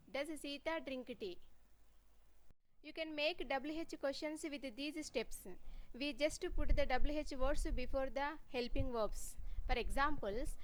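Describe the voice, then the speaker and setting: A woman teaching a grammar lesson in a measured, scripted way, reading example sentences one by one. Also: high voice, a little hiss or hum, low-quality recording. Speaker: English teacher.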